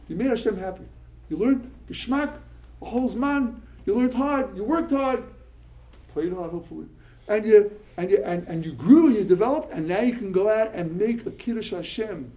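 On a rough recording, a high-voiced male rabbi addresses yeshiva students at a moderate pace. He's animated, tells stories, slips Hebrew and Yiddish into his English, and often repeats words as his excitement rises.

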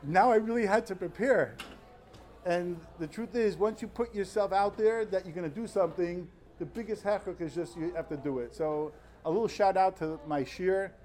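A young man in his twenties, a yeshiva student, tells a personal story in an animated, earnest way before giving an informal Talmud lecture. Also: high-pitched, normal speed, a little hiss or hum. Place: study hall before fellow students.

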